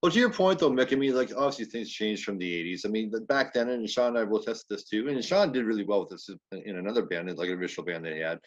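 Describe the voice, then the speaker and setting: Fast-talking male podcast host. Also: lowish voice. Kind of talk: casual interview talk. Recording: dull lo-fi audio.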